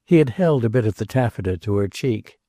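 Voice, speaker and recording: Give me a measured male audiobook narrator with a mellow, warm voice. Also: fairly low pitch, expressive, dry recording, studio quality. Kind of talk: scripted narration.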